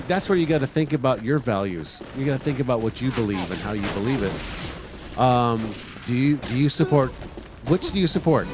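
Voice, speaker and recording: Blunt, profane man ranting on a livestream. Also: medium pitch. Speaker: livestream host. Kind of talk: political commentary monologue. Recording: noisy livestream audio.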